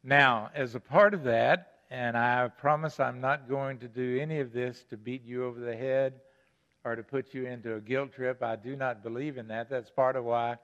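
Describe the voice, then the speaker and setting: Older preacher in an echoing, dull-sounding church. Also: male voice, medium pitch, steady tone, moderate pace, fairly bright tone. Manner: earnest, stresses key words, repeats phrases. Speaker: pastor. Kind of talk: sermon. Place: church sanctuary.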